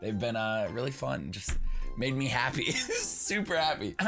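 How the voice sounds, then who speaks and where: Young man, comedic commentary, swears a lot, bright tone, jumpy pitch. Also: measured pace, gravelly, faint music behind. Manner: excitable, swears freely, laughs often. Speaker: YouTuber reacting to online posts.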